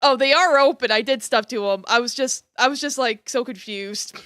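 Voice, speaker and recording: Young woman streamer, bright smooth voice, casual bemused chat at a desk mic. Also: a little high, moderate pace, dry recording, studio quality. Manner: chatty, bemused, thinking aloud with restarts. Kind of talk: casual gameplay commentary.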